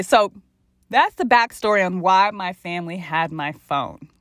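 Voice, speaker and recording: A woman in her twenties hosting a podcast, telling a candid personal story in a blunt, profane, animated way. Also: fairly low pitch, dry recording. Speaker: podcast host.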